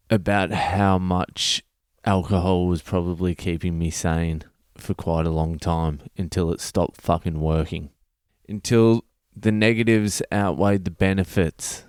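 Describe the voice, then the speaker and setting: A deep-voiced Australian man rambles through a blunt, sweary story, his voice smooth and resonant. The sound is dry and close with no room around it. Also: darkish tone, dry recording. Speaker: comedian podcast host. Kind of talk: casual storytelling monologue.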